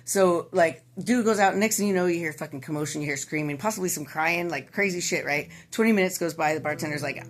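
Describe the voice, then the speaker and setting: Woman with a lowish voice telling a swearing bar joke, casual and animated. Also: a little fast, hardly any pauses. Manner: profane, animated storytelling.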